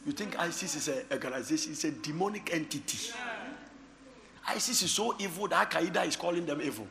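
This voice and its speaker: A man preaching a sermon, moving from hushed storytelling to shouted exhortation and laughing often. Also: fairly high pitch, expressive, fairly quick, vocal fry, long reverb tail, crowd noise. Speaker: pastor.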